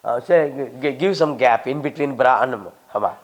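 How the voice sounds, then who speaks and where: A man's voice: mid-range voice, normal speed, rough recording. An older man, a scholar, answering questions and drilling Sanskrit pronunciation, reciting verses as he explains. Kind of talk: teaching pronunciation in a Q&A.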